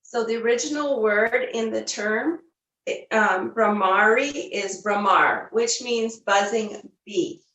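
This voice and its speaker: A woman teaching a yoga class, giving gentle, unhurried cues with the odd filler. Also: a little high, distant mic, highs cut off. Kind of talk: guided yoga class instruction. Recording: roomy, voice a bit off the mic.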